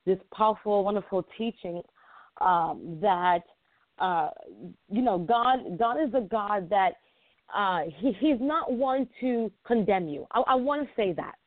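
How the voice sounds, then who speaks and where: A woman's voice: mid-range voice, measured pace, dry recording. A woman calling in to a radio program, hesitant and earnest, with many fillers. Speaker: caller. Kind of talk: call-in comment. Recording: tinny phone line.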